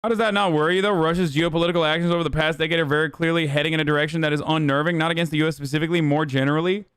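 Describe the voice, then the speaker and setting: A man's voice: on the high side, steady tone, racing, fairly bright tone, smooth, dry recording, clean studio sound. A man in his thirties streaming casual, profane political commentary, ranting heatedly and sarcastically at a desk microphone. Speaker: streamer reacting to news.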